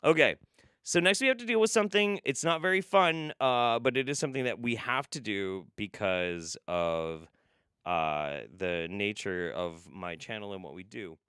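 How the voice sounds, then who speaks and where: Sarcastic rambling man, lively pitch. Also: moderate pace, clear, resonant tone, no room sound, studio quality. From United States. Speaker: streamer host reacting to videos. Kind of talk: casual live-stream commentary.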